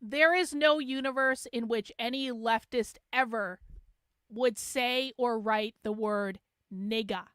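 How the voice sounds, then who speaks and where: A woman's voice: fairly high pitch, fairly even intonation, takes it slowly, a bit bright, clear, resonant tone, dry recording, studio quality. A woman hosting a livestream, talking sarcastically and profanely to her chat. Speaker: host. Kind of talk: livestream commentary.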